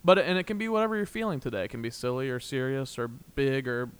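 A man's voice: medium pitch, fast talker, smooth. A young man hosting a casual podcast, rambling and playful, often laughing. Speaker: podcast host. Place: small room, in doors.

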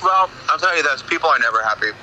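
A man being interviewed, wry and emphatic with quick asides. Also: a little high, animated, sharp tone, slight background noise, poor audio. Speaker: interview guest.

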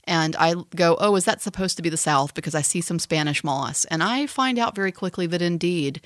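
A woman's voice: fairly low pitch, fairly quick, no room sound, studio quality. A woman co-hosting a podcast, chatting casually and playfully. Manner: chatty, playful, lots of laughing asides. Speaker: podcast co-host. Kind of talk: casual chat.

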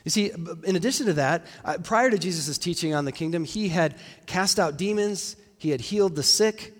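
A man's voice: high-pitched, fairly quick, long reverb tail. A man preaching a sermon in a conversational, reflective way, with fillers and restarts, in a church.

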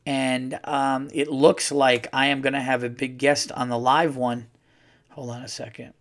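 Alone on his podcast, this host talks slowly in a medium, fairly bright voice with a flat delivery. His casual monologue is a rambling, profane, worked-up rant.

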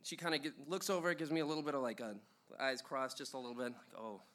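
A man's voice: mid-range voice, fast, fairly bright tone. A young man telling a funny personal story at a live show, rambling with lots of ums and uhs and chuckles.

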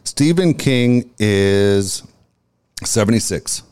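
A man co-hosting a casual podcast, easygoing and quick to laugh, also reading ad spots. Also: fairly low pitch, lively intonation, a little mellow, smooth. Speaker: co-host. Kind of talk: casual podcast banter, reads ads.

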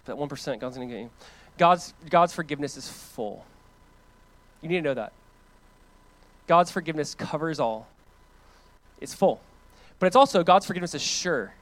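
A man preaching a sermon as pastor, in a conversational, animated way that swings from loud emphatic lines to hushed ones and repeats phrases for emphasis. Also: fairly high pitch, moderate pace, long pauses. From United States.

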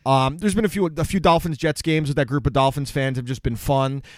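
A man's voice: medium pitch, steady tone, brisk, no room sound. A man co-hosting a podcast in casual chat, joking and swearing as he asks questions. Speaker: podcast co-host.

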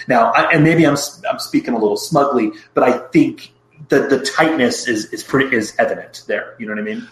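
A man in casual film review chat, measured and wry, with hedging asides. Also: mid-range voice, fairly bright tone, reverberant, rough recording. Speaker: podcast co-host.

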